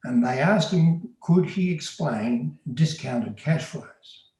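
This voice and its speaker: A man's voice: on the high side, lively intonation, takes it slowly, darkish tone. A man telling a first-person story in an earnest, plain-spoken, conversational way. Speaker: storyteller recounting undercover work. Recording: very echoey room.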